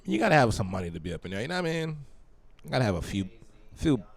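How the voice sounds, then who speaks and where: A rambling male podcast host with a lower-pitched voice, joking around and cursing freely in casual conversation. He talks loosely and keeps his stories going between laughs. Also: big pitch swings, very fast, creaky. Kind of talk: casual chat.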